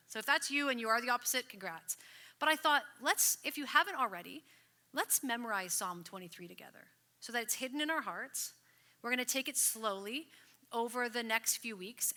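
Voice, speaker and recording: A woman pastor preaching at a livestreamed church service, chatty and playful, and slowing down when she reads scripture. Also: fairly high pitch, bright, forceful tone. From Canada. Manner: conversational and playful, reading scripture slowly. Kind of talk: sermon.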